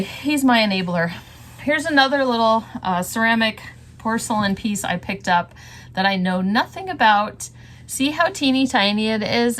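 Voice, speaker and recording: A woman's voice: mid-range voice, a bit bright. A woman talks casually through her thrift store finds in a reseller's vlog. She rambles from one piece to the next, trailing off and laughing often. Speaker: reseller vlogger. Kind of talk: casual thrift haul chat.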